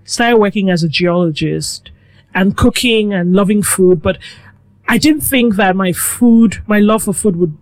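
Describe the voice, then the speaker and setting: A middle-aged woman from Nigeria, a guest telling her life story in a relaxed, reflective way. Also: mid-range voice, a little slow. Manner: reflective, animated with quoted asides. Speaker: guest, food blogger. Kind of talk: conversational storytelling.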